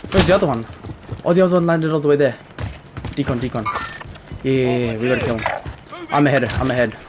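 A man's voice: medium pitch, fast, background noise. Profane, frustrated gamer man. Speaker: gaming video creator. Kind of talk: gameplay commentary. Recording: gunfire from the game behind him. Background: game gunfire.

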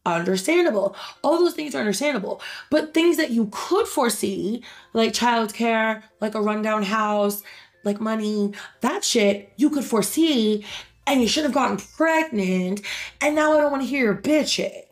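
Blunt woman with a gravelly voice. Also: on the high side, moderate pace. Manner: blunt, opinionated, swears freely. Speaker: reaction video host. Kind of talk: reading and commenting on online posts.

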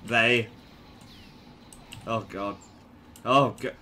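A young man giving casual, jokey commentary over his gameplay, swinging from low mutters to sudden yelps. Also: moderate pace, pushed and bright.

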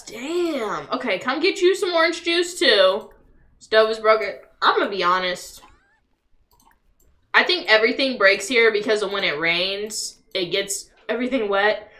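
A woman's voice: mid-range voice, sharp tone. A young woman giving casual, profane live commentary on a life-sim game and talking back at the characters. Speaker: livestreamer.

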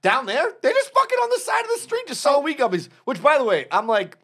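A young adult man co-hosting a podcast, telling profane stories in a casual, animated way. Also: very high-pitched, quick pace, creaky. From Massachusetts. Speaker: podcast co-host. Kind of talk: casual chat.

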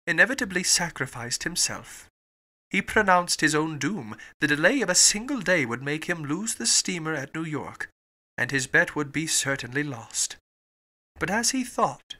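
A man narrating a classic novel as an audiobook, with an expressive storybook reading. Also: fairly high pitch. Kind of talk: scripted narration.

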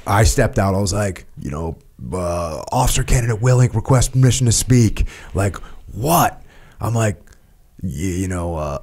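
A man's voice: on the low side, normal speed. A man on a podcast, telling stories in casual chat and acting out his own quotes with energy. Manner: animated, acts out quotes loudly. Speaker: podcast guest.

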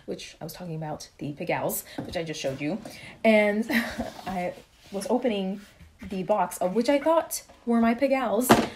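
Chatty woman with a mellow voice. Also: mid-range voice, fairly quick, slight background noise. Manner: chatty, rambling, excitable. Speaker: vlogger. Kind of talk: casual haul vlog.

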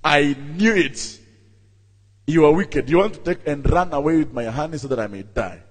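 A man voicing a stubborn, suspicious man stuck in a pit, crying for help in a high wail. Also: expressive, moderate pace, slightly rough. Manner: pleading in a high wail, then distrustful. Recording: long reverb in a church hall.

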